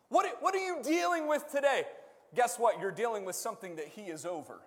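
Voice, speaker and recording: A high-pitched man preaches in a church, his voice ringing through a long, echoing hall. He quizzes the congregation in call-and-response and swells into shouts at the peaks. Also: lively intonation, a little fast. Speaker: pastor. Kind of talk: sermon.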